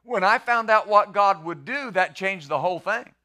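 Bright-voiced preaching pastor, man. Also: high-pitched, lively intonation, normal speed. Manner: conversational preaching with rhetorical questions; restarts and repeats words. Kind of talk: sermon.

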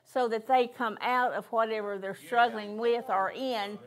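A woman's voice: a little high, steady tone, measured pace. An older woman preaching in a church, telling a story with emphatic repetition. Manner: storytelling, emphatic, repeats key phrases. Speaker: guest minister. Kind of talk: sermon.

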